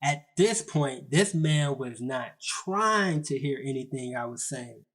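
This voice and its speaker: A man's voice: mid-range voice, lively intonation, slow pace, fairly bright tone. A young man narrating a comedy story in a casual, slangy, self-mocking way.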